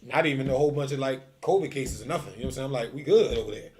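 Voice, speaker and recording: A man telling a story in casual chat, animated and full of slang, acting out quotes. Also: rapid-fire. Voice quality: heavy profanity and slang. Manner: animated storyteller, acts out quotes with rising pitch. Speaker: streetball tour organizer.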